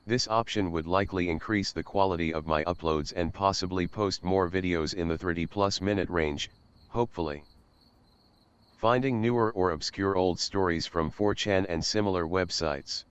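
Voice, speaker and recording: Young male channel host, very low smooth voice, earnest scripted read, slightly dull lo-fi recording. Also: normal speed, no room sound.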